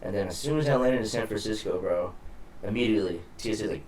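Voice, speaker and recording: A young man telling a story in a loose, casual podcast chat, cursing freely and acting out everyone he quotes. His voice sits on the low side. A faint hiss runs under it. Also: fast talker. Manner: animated storyteller, swears freely, acts out quoted people. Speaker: podcast co-host.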